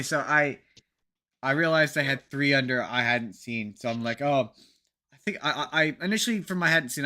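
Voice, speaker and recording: Canadian guy on a podcast, bright tense voice, rambly and jokey. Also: medium pitch. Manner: rambling, jokey, many restarts. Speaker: podcast co-host. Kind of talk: casual podcast chat.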